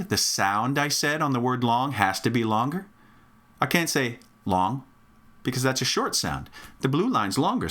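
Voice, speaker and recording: A man's voice: medium pitch, fairly bright tone. A man teaching a children's music lesson on rhythm, patient and encouraging, counting off and chanting along.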